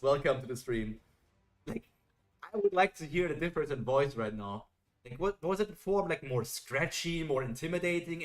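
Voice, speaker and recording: A man chatting playfully with his viewers while reacting live to a webtoon on stream. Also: mid-range voice. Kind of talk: casual live reaction commentary.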